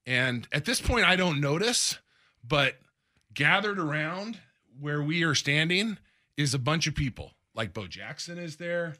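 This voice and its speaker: A man's voice: on the high side, animated, a little slow, sharp tone. A man on a sports radio show, animatedly telling a long personal story in a studio and acting out the quotes. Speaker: radio host.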